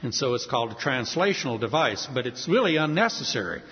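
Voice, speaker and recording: A man preaching a sermon with emphasis, asking rhetorical questions and swinging between loud and soft. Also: medium pitch, very animated, fast talker. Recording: dull, echoey hall sound.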